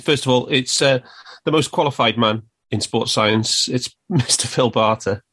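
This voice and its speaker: A man's voice: mid-range voice, normal speed, a bit bright, husky. Jokey male podcast host. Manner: jokey, laughs often. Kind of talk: casual sports podcast chat.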